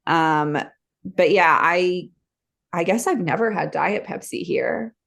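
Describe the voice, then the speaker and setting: A woman with an American accent, a guest chatting casually about her work as a wildlife educator, talking in fast, filler-heavy stories. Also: lowish voice, creaky, fairly bright tone. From United States. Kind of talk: casual chat.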